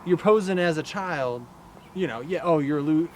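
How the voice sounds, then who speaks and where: A man co-hosting a casual outdoor chat, speaking in a measured way and weighing both sides. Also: a little high, darkish tone, a little hiss or hum. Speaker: co-host.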